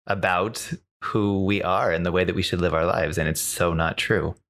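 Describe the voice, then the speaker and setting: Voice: sits low, steady tone, moderate pace, a bit bright. An interviewer asking reflective questions and encouraging the guest, laughing along.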